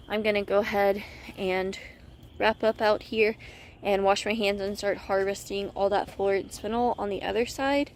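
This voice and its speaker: Woman, casual garden vlog, outdoors, slightly breathless, chatty, mid-pitched voice, faint outdoor ambience. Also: darkish tone, a little hiss or hum. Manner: chatty, self-correcting, friendly. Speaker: gardening vlogger.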